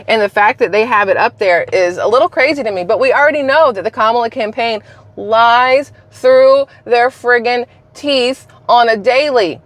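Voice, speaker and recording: A woman's voice: fairly high pitch, normal speed, no echo. A woman hosting a political commentary vlog, talking in a blunt, opinionated, casual way. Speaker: channel host.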